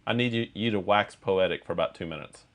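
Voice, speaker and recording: A man's voice: sits low, fast talker, fairly bright tone. A man co-hosting a live beer show and running the stream, speaking in short, dry remarks. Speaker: co-host and producer. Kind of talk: casual live-stream chat.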